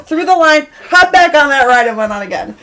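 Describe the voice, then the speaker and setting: Podcast co-host woman, fairly high voice, animated, laughs a lot, voice jumps up when excited. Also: fairly quick. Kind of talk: casual storytelling chat.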